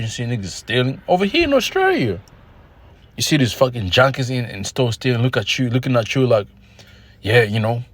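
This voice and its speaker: A man vlogging in a casual, animated rant, telling street stories full of profanity and quoting scripture. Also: mid-range voice, no echo. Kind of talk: casual ranting monologue. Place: Australia.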